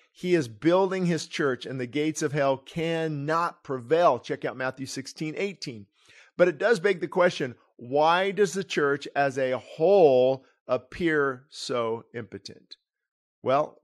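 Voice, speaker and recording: A middle-aged pastor preaching his own book aloud, earnest and digressive, often breaking off and restarting his sentences. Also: on the high side. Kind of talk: sermon reading of his book with commentary.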